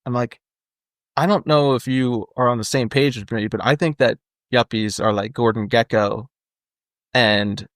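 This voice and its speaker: Male podcast co-host, mid-pitched, loose rambling delivery, dry studio sound. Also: measured pace, no room sound. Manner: rambling, lots of fillers and jokey asides. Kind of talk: casual movie-discussion chat.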